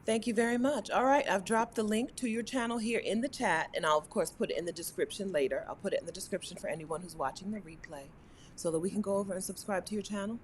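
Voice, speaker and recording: A chatty, bubbly woman hosts a casual live-streamed interview over a video call. Her voice sits at a middling pitch. A faint hiss of noise sits behind her. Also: fast. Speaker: host.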